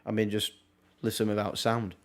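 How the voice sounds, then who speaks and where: A young man, casually commentating on a football match live for his stream, with wry asides and quick reactions. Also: lowish voice, level tone. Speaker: watchalong streamer.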